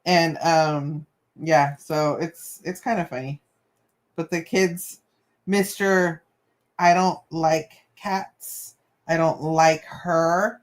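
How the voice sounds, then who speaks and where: A woman's voice: lowish voice, takes it slowly, fairly bright tone. A woman hosting a casual live stream, telling chatty stories with mild cussing and Spanish asides while busy with a craft. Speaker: channel host.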